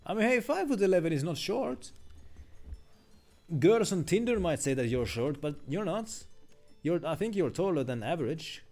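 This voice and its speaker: A rambling, chatty male streamer talks over his game with a mellow, warm tone. His pitch swings about animatedly as he muses, and faint music plays behind him. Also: very animated, moderate pace. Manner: rambling, chatty, many fillers. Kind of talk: casual game commentary.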